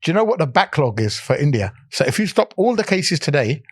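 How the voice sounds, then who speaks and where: A man's voice: on the high side, big pitch swings, a little fast, breathy edge, dry recording, clean studio sound. A man in his forties, a lawyer and podcast guest, telling stories bluntly and slipping into Punjabi. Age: 40s. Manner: blunt, storytelling, switches into Punjabi. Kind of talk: casual podcast chat.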